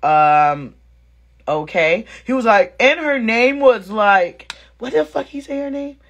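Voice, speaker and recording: Over dull audio, a woman with a slightly high voice speaks slowly as she tells viewers a dating story from home. She addresses them directly as "girl" and "sis," uses plenty of slang, and animatedly acts out both people involved.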